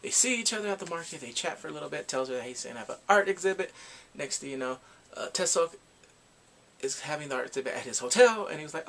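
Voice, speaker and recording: This is a young man with a voice a touch higher than most men's. He retells a story in a loose, chatty vlog style. He is expressive and theatrical, and he throws in exclamations as he goes. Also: fast, a little hiss or hum. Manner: animated, dramatic storytelling with exclamations. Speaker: drama reviewer. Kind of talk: casual recap vlog.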